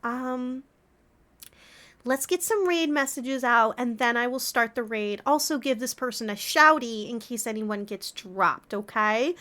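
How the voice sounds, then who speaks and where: A young adult woman streamer chats casually as she closes out a gaming stream, drifting from topic to topic with plenty of giggles. Her voice sits high and sounds bright and clear. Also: a little slow. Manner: rambling, chatty, giggly. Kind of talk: casual stream wrap-up chat.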